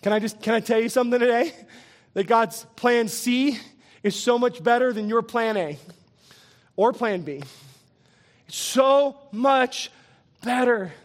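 A male pastor giving a lively sermon, quizzing the congregation and chuckling as he goes. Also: extremely high pitch, measured pace, pauses often.

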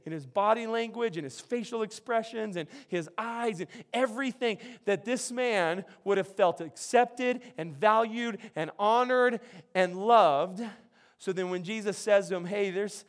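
High-voiced man preaching animatedly. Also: normal speed. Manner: animated, acts out quoted voices, frequent restarts. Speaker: pastor. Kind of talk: sermon.

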